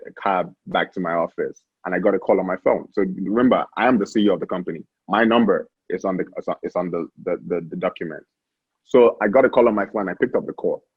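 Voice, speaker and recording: Nigerian man telling a story, husky. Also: low-pitched, no echo, dull audio. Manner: animated, lots of restarts and stammered repeats. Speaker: guest, founder. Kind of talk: casual interview storytelling.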